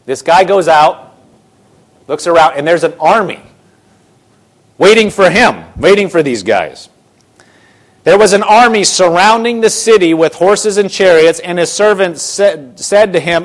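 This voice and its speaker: Guy preaching, kinda high voice, acts out the story lines all casual. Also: unhurried. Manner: retells scripture in casual voices, animated. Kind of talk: sermon.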